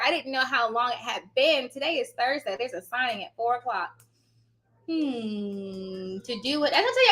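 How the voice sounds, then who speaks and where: A woman's voice: high-pitched, bright, forceful tone. A woman in her thirties chatting casually to her viewers, telling stories and calling them y'all. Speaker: notary signing agent vlogger.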